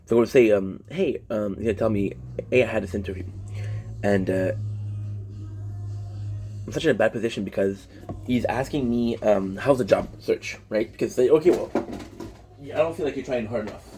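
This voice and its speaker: Over music, a young vlogger with a lowish voice speaks fairly quickly but pauses often. French is his first language, and his casual personal venting to viewers is frank and profane, rambling with constant restarts.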